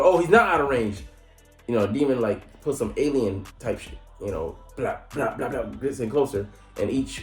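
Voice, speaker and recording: A man giving a casual, slangy recap of an anime episode. He laughs often and jumps into high mock voices. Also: a little mellow. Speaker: anime reviewer. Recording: roomy echo with faint music.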